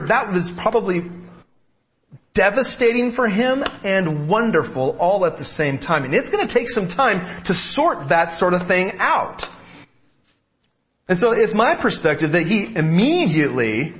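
A man's voice: high-pitched, fairly bright tone, muffled recording. A man preaching a sermon as pastor, talking in a conversational way, repeating key phrases and restarting sentences.

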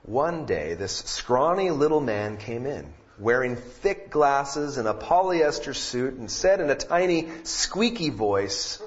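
Male pastor, unhurried sermon delivery with prayer and humor, dull lo-fi church recording. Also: mid-range voice, very animated. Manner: reads scripture, prays, then preaches with jokes. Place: church sanctuary with congregation.

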